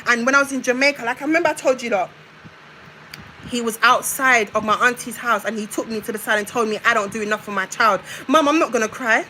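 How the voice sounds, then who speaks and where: A young British woman rants heatedly on a live stream, confrontational and driving her points home through repetition. Her voice is fairly high, quick, bright, and forceful. The low-quality recording carries slight background noise.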